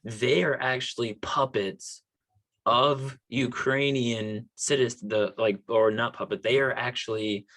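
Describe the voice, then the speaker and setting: A man's voice: medium pitch, fairly even intonation, measured pace, a bit bright. A man from Texas co-hosting a podcast, talking politics in an emphatic, loose and profane way. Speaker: podcast co-host. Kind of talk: casual political chat.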